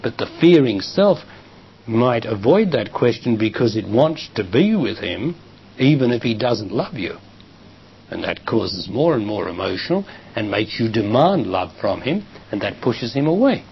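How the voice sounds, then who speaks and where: An older man with an Australian accent, a spiritual teacher answering a question from the audience in a calm, emphatic way. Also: medium pitch, a little slow, creaky. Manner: calm, emphatic, acts out quoted dialogue. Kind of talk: public talk answering a question. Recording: muffled 1990s live talk tape, faint hiss.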